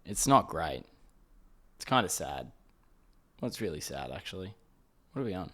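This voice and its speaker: A man's voice: low-pitched, big pitch swings, normal speed, bright, forceful tone. A young Australian man hosting a casual solo podcast, ranting in an exasperated way, swearing and restarting his sentences. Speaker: podcast host.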